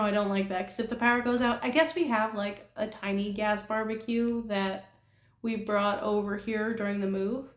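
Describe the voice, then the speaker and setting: A young woman from California chatting casually to her viewers, rambling with frequent giggles and self-deprecating asides. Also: mid-range voice. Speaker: nail artist vlogger. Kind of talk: casual chat. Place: apartment room. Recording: echoey room.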